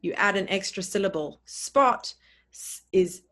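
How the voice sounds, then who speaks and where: Pitched fairly low, a woman gives a pronunciation lesson in which she says each word slowly and distinctly, repeats it, and spells it out one letter at a time.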